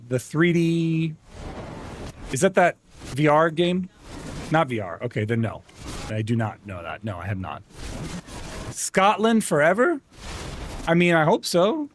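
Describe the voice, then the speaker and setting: An excitable man streams a game and chats with his viewers, laughing often. His voice sits a little higher than most men's. Faint noise hums behind him. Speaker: live-streamer. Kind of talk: casual gaming stream chat.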